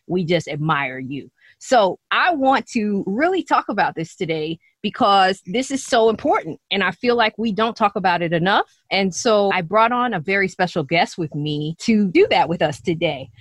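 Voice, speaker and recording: A woman hosts her podcast with a lively, playful delivery and a voice that swings up and down in pitch, often breaking into laughter. Her voice is recorded close and dry, with no room echo. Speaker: podcast host. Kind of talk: upbeat podcast interview.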